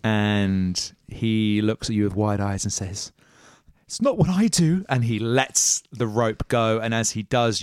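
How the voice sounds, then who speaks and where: A man narrating a tabletop game as game master, with measured storytelling and casual asides. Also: fairly low pitch, smooth, no echo, studio quality.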